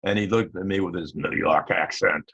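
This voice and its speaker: Halting older man, deep husky voice. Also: a bit bright, no room sound. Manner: rambling, halting, with many fillers and restarts. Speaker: interview guest, retired police captain. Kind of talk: casual storytelling interview. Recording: dull lo-fi audio.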